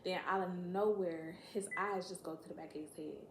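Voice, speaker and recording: A woman telling a story to camera in a casual, profane, animated way, acting out what people said. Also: on the low side, fairly quick, background noise. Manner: profane, animated, acts out quotes. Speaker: storytime vlogger. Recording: echoey room.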